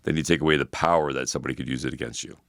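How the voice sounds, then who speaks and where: A man's voice: a bass voice, fairly even intonation, very fast, vocal fry, fairly bright tone, no echo, studio quality. A man in his forties, a personal trainer co-hosting an advice podcast, talking bluntly and profanely with lots of fillers. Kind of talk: casual advice podcast chat.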